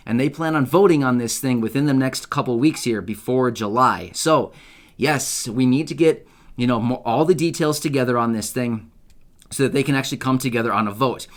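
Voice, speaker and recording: A man hosting an online news channel, talking casually and excitedly to his viewers and often checking for agreement. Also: mid-range voice. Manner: chatty, upbeat, asks viewers for agreement with repeated "right?"; loose, self-correcting delivery with fillers and restarts. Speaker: YouTube news host. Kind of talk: casual direct-to-camera commentary.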